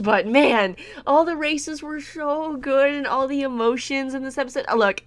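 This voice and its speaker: A woman's voice: high voice, moderate pace, few pauses. A woman reviewing an anime episode in a casual vlog, gushing and emotional and full of fillers like "like" and "man.".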